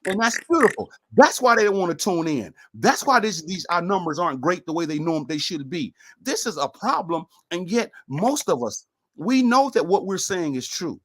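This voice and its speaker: A man's voice: sits high, big pitch swings, moderate pace, a bit bright. Emphatic preaching man talk host. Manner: preachy, emphatic, repeats phrases. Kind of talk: talk show discussion.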